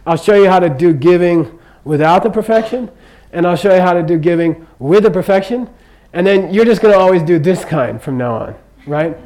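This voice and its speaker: A man's voice: high voice, a little fast, few pauses, a little mellow, low-quality recording. An older man giving an informal Buddhist teaching in a chatty, joking way, constantly checking in with his listeners. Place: teaching room in Kathmandu.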